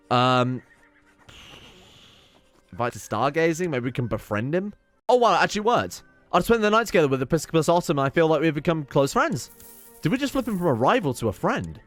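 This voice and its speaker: Wry man narrating a strategy game. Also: medium pitch. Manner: wry, swears casually, reads game text aloud. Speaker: game streamer. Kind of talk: casual let's play commentary.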